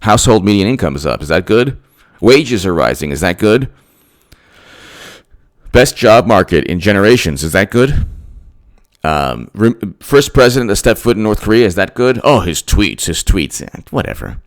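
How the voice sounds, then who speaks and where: A man's voice: on the low side, very animated, moderate pace. A man giving emphatic political commentary straight to his audience, repeating himself and firing off rhetorical questions.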